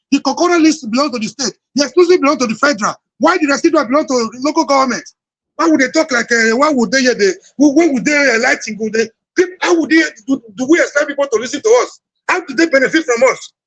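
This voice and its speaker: Fast, high-voiced Nigerian man arguing. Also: a bit bright, no room sound, low-quality recording. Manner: insistent, argumentative, repeats himself. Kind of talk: heated political debate.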